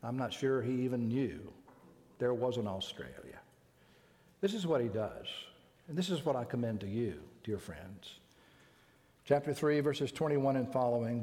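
An older man from the United States delivers a sermon in an emphatic, deliberate way, stretching out the words he wants to land. His voice sits at an ordinary middle pitch for a man. It rings with a long reverb. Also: animated, mellow. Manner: emphatic, deliberate, slows down to stress key words. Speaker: preacher.

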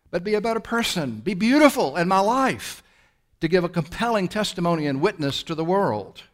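A pastor with a fairly high-pitched male voice preaches, confronting his hearers with rhetorical questions. Some phrases come in quick bursts, while others stretch out slowly.

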